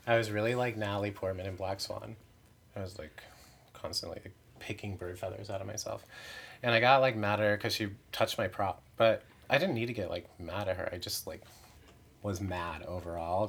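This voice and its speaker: A man's voice: sits low, fairly even intonation, brisk, creaky, a bit bright, slightly rough. A man who performs in drag, chatting candidly in an interview with many "like" fillers and self-mocking asides. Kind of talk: casual interview chat.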